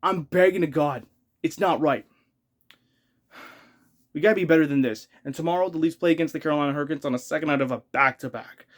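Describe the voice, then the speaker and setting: A man's voice: on the high side, fast, long pauses. Exasperated male hockey fan ranting. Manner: exasperated, repeats himself, swears, rising outbursts.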